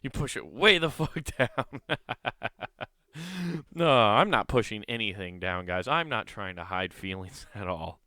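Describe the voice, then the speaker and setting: A man's voice: on the low side, expressive, measured pace, sharp tone, no room sound, studio quality. Profane, rambling male comedian host. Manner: profane, rambling storyteller, incredulous. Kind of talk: casual comedic monologue.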